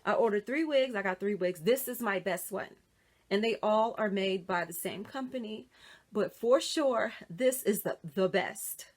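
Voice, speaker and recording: In a wig unboxing vlog, a middle-aged woman chats casually with viewers, calling them y'all, dropping into whispers and squealing with delight. Her voice is medium-pitched and unhurried.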